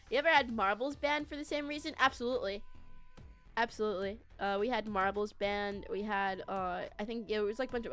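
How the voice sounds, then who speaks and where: A woman streaming as a VTuber, telling a story to her chat in a casual, animated way, laughing and swearing freely. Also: medium pitch.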